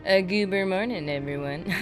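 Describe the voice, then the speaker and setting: A woman livestreaming a game, chatting excitedly and casually with her viewers. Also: lowish voice, a little slow, music in the background. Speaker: streamer. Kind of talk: casual livestream gaming chat.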